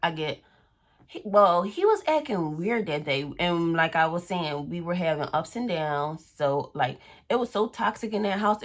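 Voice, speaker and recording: A young woman telling a storytime on her vlog in a casual, animated way, acting out what people said. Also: low-pitched. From Philadelphia area. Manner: animated, acts out quoted voices, swears freely. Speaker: vlogger.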